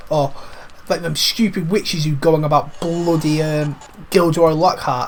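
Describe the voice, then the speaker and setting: A man's voice: fairly high pitch, moderate pace, a bit bright, a little hiss or hum. A man with a cold, giving cheeky, rambling let's-play commentary over a video game. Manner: cheeky, rambling, swears lightly. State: has a cold. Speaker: gaming commentator.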